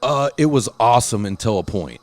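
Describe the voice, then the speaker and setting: A man's voice: fairly low pitch, expressive, a little fast, darkish tone. A man telling stories in a casual chat, rambling and swearing, often doing other people's voices. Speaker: podcast host and musician.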